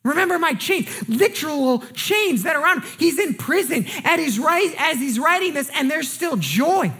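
A woman pastor preaching a sermon in an earnest way, often restarting and repeating words, and sinking low and quiet on key words. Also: big pitch swings, normal speed. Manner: drops pitch and volume for emphasis.

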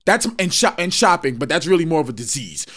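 A man's voice: fairly high pitch, very animated, quick pace, a bit bright. A man talking in a casual group chat, preachy and profane, and he keeps repeating "you feel me".

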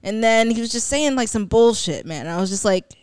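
A woman chats as a guest on a podcast, her pitch swinging widely as she acts out each character in her story. The sound is dry and close, with no room echo. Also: brisk, clean tone. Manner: animated, acts out quoted voices. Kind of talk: casual storytelling.

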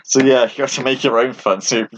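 A man's voice: medium pitch, steady tone, fast. A young man hosting a podcast, chatting casually and laughing often, with lots of "like" fillers. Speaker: podcast host. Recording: slightly dull sound with faint noise.

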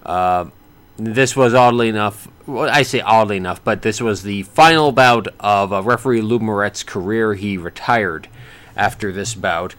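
A man casually recapping a boxing match he watched, rambling with many restarts and bursts of excitement. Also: on the low side, normal speed, smooth. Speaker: boxing fan reviewing a fight.

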